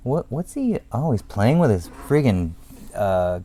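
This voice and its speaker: A man's voice: mid-range voice, big pitch swings, unhurried, warm tone. A man, a tattoo artist, chatting casually and reacting with laughs and short comments. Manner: laid-back, laughs along, short replies. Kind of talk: casual chat.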